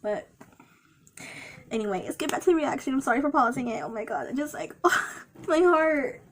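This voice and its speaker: A woman's voice: fairly high pitch, fast talker, slight background noise. Tearful, reassuring woman in her twenties. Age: 20s. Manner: tender, repetitive reassurance, close to tears. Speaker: reaction video host. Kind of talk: emotional reaction commentary.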